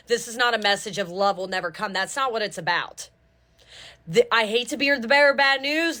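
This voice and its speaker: Bright, forceful, and on the high side, a woman's voice moves at a moderate pace through a fervent tarot reading. She preaches urgently, swears casually, and repeatedly asks listeners "do you understand".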